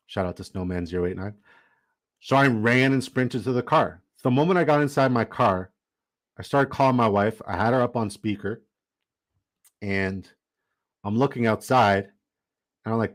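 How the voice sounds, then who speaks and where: A young man casually telling his viewers a long story, animated and rambling, with lots of "like". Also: lowish voice, moderate pace, long pauses. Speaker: fantasy football streamer.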